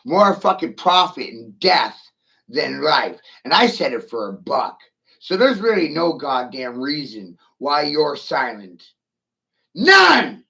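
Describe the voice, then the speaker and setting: A man's voice: mid-range voice, very animated, a little slow, creaky, sharp tone, poor audio. A middle-aged man in a profane, taunting rant, swearing aggressively at his critics.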